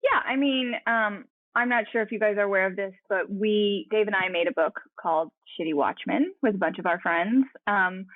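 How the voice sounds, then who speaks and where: A woman's voice: mid-range voice, normal speed, hardly any pauses, dry recording. Woman, comic illustrator, casual interview, chatty storyteller, lo-fi dull sound. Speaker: comic book illustrator guest.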